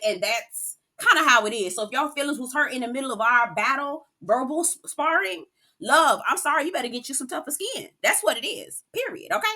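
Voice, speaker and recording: Sassy, bright-voiced woman recapping reality TV. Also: sits high, a little fast. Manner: sassy, animated, frequent "girl" and cussing. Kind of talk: casual reality show recap.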